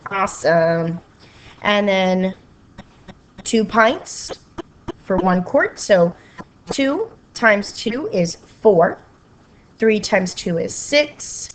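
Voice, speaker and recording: Through a little hiss or hum, a mid-range female voice explains math to students step by step. The teacher is patient, keeps asking "okay?", and occasionally turns playfully sing-song.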